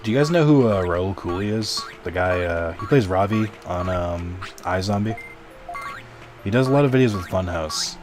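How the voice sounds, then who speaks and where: Low-voiced man rambling on a live stream. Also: animated, normal speed. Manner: rambling, swears casually, chats with viewers. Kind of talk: casual live-stream chat. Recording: game music underneath.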